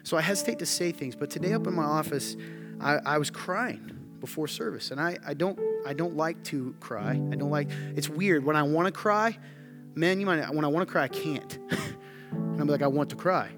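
A man's voice: fairly high pitch, moderate pace. A man preaching a sermon to his congregation, talking in an earnest, conversational way that rises to emphatic. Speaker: pastor. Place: church sanctuary. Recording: music playing underneath.

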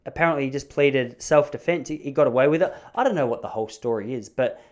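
A man's voice: mid-range voice, quick pace, a little mellow. An Australian man in his thirties, hosting a casual storytelling monologue, chatty and rambling with laughs between stories.

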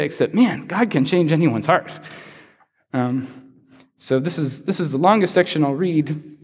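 A man's voice: a little high, a little mellow, big-room sound. A man preaching a conversational sermon as pastor, asking the listeners rhetorical questions.

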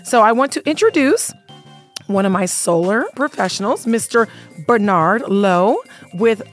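Upbeat woman radio host, chatty, laughing often, slightly lost voice, soft music behind. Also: medium pitch, animated, measured pace. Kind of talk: casual radio talk show.

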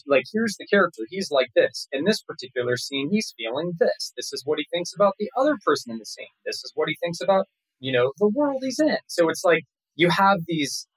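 A man talking casually as an actor guest in an interview, rambling and relaxed with many fillers and restarts. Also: on the high side, brisk, husky, no echo, rough recording.

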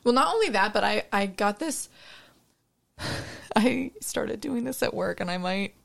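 Young woman ranting frankly bout work, gravelly voice, swears a lot. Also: medium pitch, measured pace. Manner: frank, animated, swears freely. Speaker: barista, podcast co-host. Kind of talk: casual chat, storytelling.

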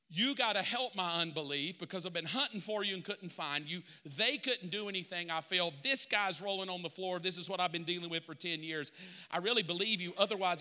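Desperate, rushed father, voiced by a preacher, pleading, reverberant room. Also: sits high, sharp tone. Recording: reverberant hall.

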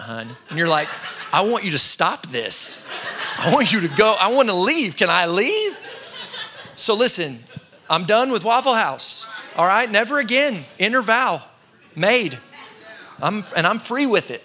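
A man, a pastor preaching a sermon to his congregation and telling funny personal stories in a relaxed, conversational way. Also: sits high, a little hiss or hum. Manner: conversational, self-deprecating storytelling with laughs. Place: church in front of a congregation.

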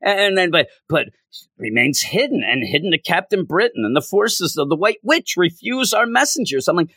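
A man's voice: big pitch swings, moderate pace, bright, forceful tone, dry recording. Male comic reviewer, casual rant, sarcastic mimicry, dry close sound. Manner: exasperated, pitch jumping high in frustration; mocking mimicry of characters.

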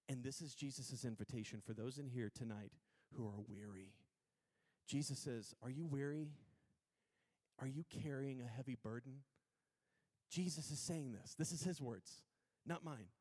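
A male pastor giving a casual, conversational sermon, swinging from hushed, intimate lines to loud, emphatic ones and getting the congregation to repeat words after him. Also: medium pitch.

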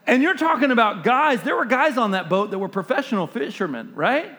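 A high-pitched man preaching a sermon with animated, story-driven delivery and acting out each scene. His voice carries a long hall reverb. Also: fairly quick, hardly any pauses.

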